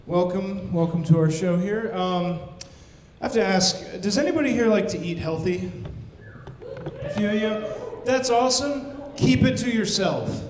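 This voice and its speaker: A man's voice: sits high, lively intonation, a little slow, slight background noise. A man in his twenties hosting a stand-up comedy show, telling rambling stories with wry, punchy outbursts. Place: comedy stage in a small venue. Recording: very echoey room.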